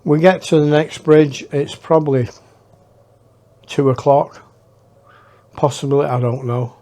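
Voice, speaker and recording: A man telling a personal adventure story in a casual, unhurried way, with pauses and hushed asides. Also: on the high side, fairly even intonation. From England. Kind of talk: casual spoken anecdote.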